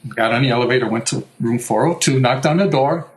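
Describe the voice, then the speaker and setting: An older American man, a guitar maker, telling a story in a lively, casual way, swearing now and then and acting out what people said. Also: medium pitch, fast talker, rough recording. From United States. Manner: animated, swears, acts out quotes. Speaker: guest luthier.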